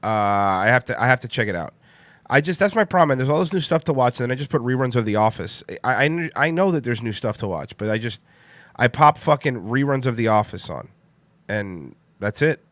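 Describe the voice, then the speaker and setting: A man's voice: mid-range voice, animated, brisk, a bit bright, no room sound. A man in his thirties hosting a livestream radio show, rambling in casual chat, repeating himself and swearing bluntly. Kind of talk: casual solo stream chat.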